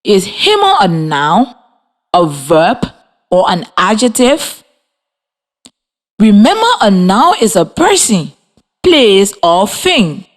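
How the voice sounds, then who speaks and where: A woman teacher giving a scripted radio lesson to children, encouraging and clear, spelling words out letter by letter. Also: mid-range voice, sing-song, slow, long pauses. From Liberia. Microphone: radio studio mic.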